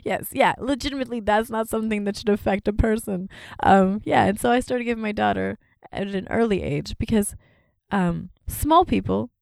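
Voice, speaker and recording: Canadian woman guest, gravelly voice, lots of laughing and doing voices, dry close mic. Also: mid-range voice, no room sound. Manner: animated storyteller, quick laughs and voiced quotes. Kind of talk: casual chat.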